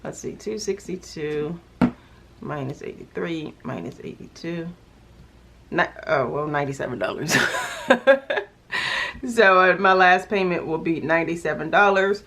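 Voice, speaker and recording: A woman's voice: fairly low pitch, fairly bright tone. A young woman vlogger chatting casually, exasperated and full of fillers as she talks through her bills. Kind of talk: casual chat.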